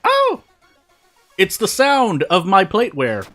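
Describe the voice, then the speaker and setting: A man with a fairly high, bright voice talks through a horror game on stream. His pitch jumps around a lot as he rambles, repeats phrases and restarts mid-sentence between bites of food. Soft game music plays underneath. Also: big pitch swings, normal speed. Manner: talks while eating. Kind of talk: casual gameplay commentary.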